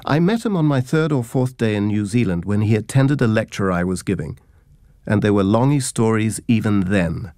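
A man's voice: lowish voice, a little mellow, dry recording. Wry man reading humorous memoir tales. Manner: wry, dry, self-mocking storytelling. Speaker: narrator. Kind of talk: scripted narration of humorous memoir anecdotes.

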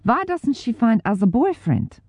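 A woman's voice: on the high side, big pitch swings, measured pace, darkish tone, no echo, voice pushed up. A woman putting on a puzzled German man.

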